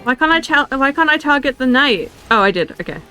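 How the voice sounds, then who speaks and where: A woman streaming a video game, chatting casually and reacting out loud, with frequent exclamations and laughs. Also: high-pitched, sing-song, fairly quick, soft background music. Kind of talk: casual gaming commentary.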